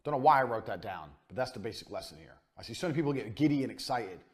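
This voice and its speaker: A man's voice: medium pitch, expressive, rapid-fire. A man giving a business course lecture, talking bluntly and commandingly and swearing often. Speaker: business coach.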